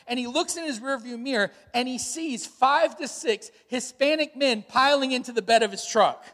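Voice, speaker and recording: A man in his thirties preaching a sermon, telling stories and acting out quotes with sudden shouts. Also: extremely high pitch, moderate pace, hardly any pauses. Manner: storytelling, animated retellings with shouted quotes. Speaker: pastor. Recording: long hall reverb.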